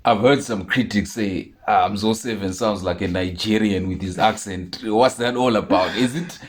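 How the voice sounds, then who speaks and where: A man hosting an interview, asking his questions in a measured, inquisitive way. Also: lowish voice. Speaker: interview host.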